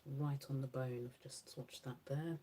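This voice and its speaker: A woman's voice: a bass voice, fairly even intonation, normal speed, warm tone, a little hiss or hum. A woman beauty creator chatting casually through a makeup swatch demo, musing aloud and correcting herself as she goes.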